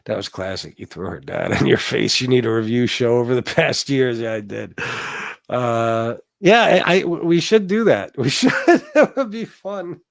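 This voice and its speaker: His gravelly mid-range voice is expressive and moderately paced as this middle-aged livestream host of Sicilian heritage trades brash, profane stories with replies to chat he reads aloud. The recording is dry and studio quality.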